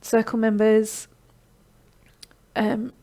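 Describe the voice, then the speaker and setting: A middle-aged woman hosts a live online session and talks viewers through her program. Her voice is mellow and warm, and she keeps it encouraging. She checks in with a steady "okay?" as she goes. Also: fairly high pitch, drawn-out words. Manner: encouraging, repeats "okay?" often. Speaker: online course host. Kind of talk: live-streamed sales pitch and Q&A.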